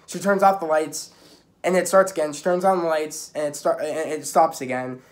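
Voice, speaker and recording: A man's voice: a little high, steady tone, normal speed. Rambling young man recapping a show. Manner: rambling, full of restarts and "like". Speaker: video reviewer. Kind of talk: casual episode recap.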